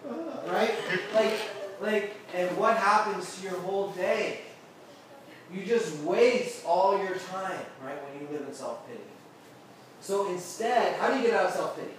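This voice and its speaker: A man's voice: sits high, unhurried, background noise. A man giving a casual, interactive sermon to a youth group, constantly checking in with his listeners. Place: air-conditioned room with a group. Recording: very echoey room, mic far off.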